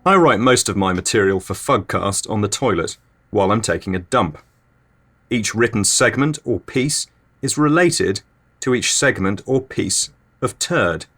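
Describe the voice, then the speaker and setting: Dry, low-voiced male comedy podcast host. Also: lively intonation, unhurried, a bit bright. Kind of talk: deadpan scripted comedy.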